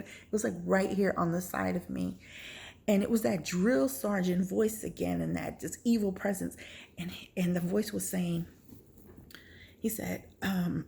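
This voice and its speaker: A woman's voice: mid-range voice, vocal fry, darkish tone. A woman vlogger telling a personal testimony story, acting out her reactions with gasps.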